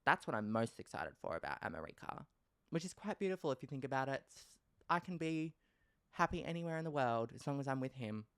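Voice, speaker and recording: Smooth-voiced Australian man, playful and dramatic. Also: mid-range voice, brisk, dry recording, studio quality. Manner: animated, swearing, playfully dramatic. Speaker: podcast host. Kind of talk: casual solo podcast chat.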